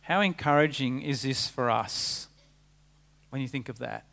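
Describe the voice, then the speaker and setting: A man preaching a sermon, earnest, rising for emphasis and dropping to a hushed tone. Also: mid-range voice, a little slow, creaky.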